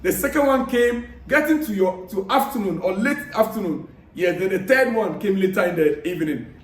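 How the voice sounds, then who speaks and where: A man vlogging about football news, chatting casually and giving friendly, repetitive shout-outs while reading viewer comments aloud. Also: high voice, animated, moderate pace, a little hiss or hum. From Africa. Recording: echoey room, distant mic.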